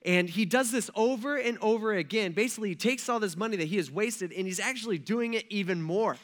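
A male pastor preaching in a fairly high, bright voice. He tells the story casually, in everyday slang, and breaks off often to speak straight to the congregation. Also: brisk. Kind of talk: sermon. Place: church.

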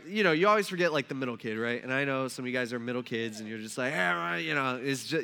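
A man's voice: on the high side, pushed and bright, clear, resonant tone. A man in his thirties preaching a casual, conversational sermon, acting out Bible characters with humorous asides. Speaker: pastor.

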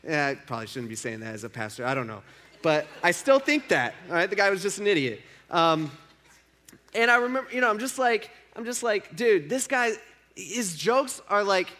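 High-pitched guy pastor preaching, chatty and emphatic, repeats stuff a lot. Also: big pitch swings, brisk, pushed and bright. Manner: conversational, emphatic, repetitive. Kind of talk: sermon.

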